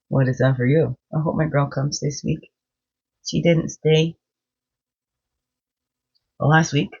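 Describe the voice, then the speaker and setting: A woman's voice: deep voice, a little slow, pauses often, breathy edge. Woman host of a daily card-reading vlog; sing-song, heartfelt chatter over muffled lo-fi audio. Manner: sing-song greetings, chatty and openly emotional, frequent laughs. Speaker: spiritual guide and medicine woman. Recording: dull lo-fi sound.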